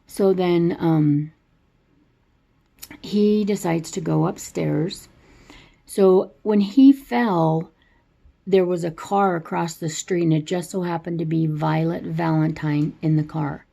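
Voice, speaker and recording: A woman's voice: on the low side, steady tone, slow pace, vocal fry, dark tone. A woman casually retelling a movie plot in a rambling, chatty way.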